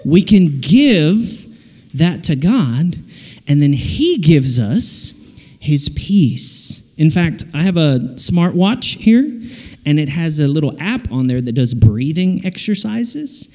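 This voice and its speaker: A man giving a playful, animated children's sermon in a camp dining hall, full of jokes and sound effects. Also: a little high, takes it slowly. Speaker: children's speaker.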